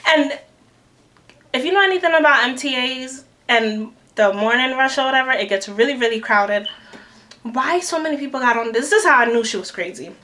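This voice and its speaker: A young woman in a storytime vlog, animated and acting out the people she quotes. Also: high-pitched, normal speed, slight background noise. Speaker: vlogger. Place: New York City.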